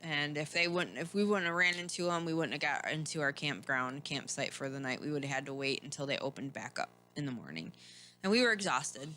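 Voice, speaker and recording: A woman's voice: deep voice, expressive, a little fast, pushed and bright, a little hiss or hum. A woman podcast host from Michigan telling a rambling, candid personal story, often laughing and restarting her sentences.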